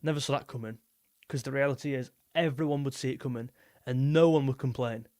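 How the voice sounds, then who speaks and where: A man's voice: medium pitch, fairly quick, a little mellow, dry recording, studio quality. A young man hosting a live football stream, chatting casually and rambling as he reads out viewer messages. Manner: rambling, repeats himself, reads super chats aloud.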